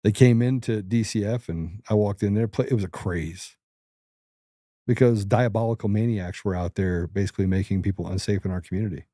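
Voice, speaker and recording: A man's voice: fairly low pitch, fairly quick, warm tone, no room sound, clean studio sound. A middle-aged man hosting political commentary, blunt, combative and emphatic. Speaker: host.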